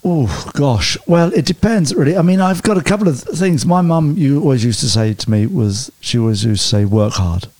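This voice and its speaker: A man telling lively personal stories as an interview guest, often stumbling and restarting mid-sentence. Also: a little high, fairly quick, few pauses. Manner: animated anecdotes with hesitant restarts. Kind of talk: storytelling interview chat.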